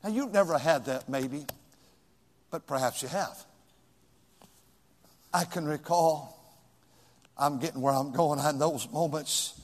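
A man preaching a sermon, swinging from shouts to hushed pleas with dramatic pauses. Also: fairly high pitch. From California. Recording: long reverb of a large hall.

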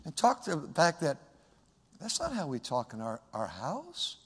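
High-voiced preacher with booming swings. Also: male voice, huge pitch swings, moderate pace, breathy edge. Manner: swings from loud shouted emphasis to soft, hushed asides. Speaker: pastor. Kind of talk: sermon. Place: church sanctuary. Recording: long hall reverb.

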